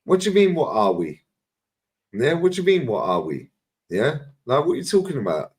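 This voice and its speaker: A man with a London accent talks in a casual podcast chat, his voice sitting at an ordinary middle pitch. He rants and tells stories bluntly, swearing freely. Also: very animated, a little fast, husky. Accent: London English. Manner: blunt, swearing, storytelling with acted quotes.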